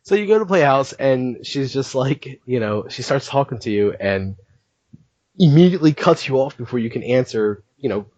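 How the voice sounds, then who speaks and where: A man hosting a podcast, recounting things in an animated, chatty way and laughing often. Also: medium pitch, normal speed, no room sound, dull audio. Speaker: podcast host. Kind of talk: casual podcast chat.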